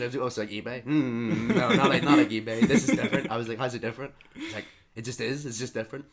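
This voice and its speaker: A man's voice: mid-range voice, racing, crowd noise. A young man co-hosting a podcast, telling a long story casually and acting out the other people's lines. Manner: animated anecdote teller who acts out the other people's lines. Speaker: podcast co-host.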